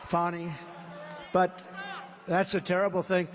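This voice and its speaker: A combative older man from the United States speaks at a podium in his seventies, with a voice pitched high for a man. He repeats his points and boasts as he campaigns. A long reverb from the big indoor venue trails each phrase. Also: moderate pace, a faint crowd, a little hiss or hum. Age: 70s. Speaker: political candidate. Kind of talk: campaign rally speech. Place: large indoor rally venue.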